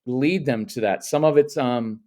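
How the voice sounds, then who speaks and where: A man's voice: mid-range voice, measured pace, mellow. A man who is a guest parenting coach, giving advice and animatedly acting out parent and child voices in his examples. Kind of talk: casual interview advice.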